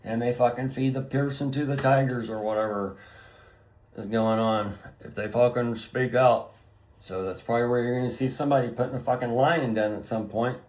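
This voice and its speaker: A man's voice: medium pitch, fairly even intonation, normal speed, darkish tone. A man rambling through a profane, free-associating solo monologue to his viewers. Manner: profane, stream-of-consciousness wordplay. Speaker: vlogger.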